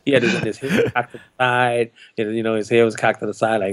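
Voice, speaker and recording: A drummer in his sixties telling a story in an animated way, often acting out the voices of other people in it. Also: mid-range voice, brisk, few pauses. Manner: animated, acts out quoted voices. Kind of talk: anecdotal storytelling.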